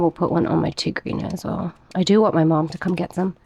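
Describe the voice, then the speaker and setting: Chatty, low-pitched young woman, plant vlogger. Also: steady tone, quick pace, creaky, few pauses, husky. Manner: chatty, giggly, talks softly to her plants. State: a little out of breath. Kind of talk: casual how-to vlog.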